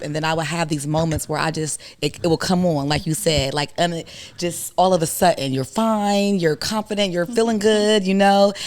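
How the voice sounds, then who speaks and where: A woman's voice: fairly low pitch, darkish tone. A woman counselor talking casually and colloquially, often quoting her friends. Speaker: licensed counselor, guest. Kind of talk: casual talk-show conversation.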